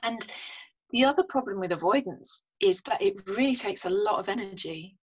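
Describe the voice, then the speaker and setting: A woman's voice: mid-range voice, lively intonation, moderate pace, low-quality recording. Frank, laughing woman guest. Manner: frank, self-deprecating, laughs often. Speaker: podcast guest, health psychologist. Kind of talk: casual conversational interview.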